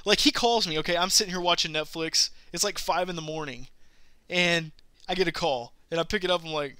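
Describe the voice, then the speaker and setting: A man hosting a live gaming show, chatting casually and telling a rambling story with animated quoted voices. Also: sits high, quick pace, smooth, no room sound. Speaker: podcast host.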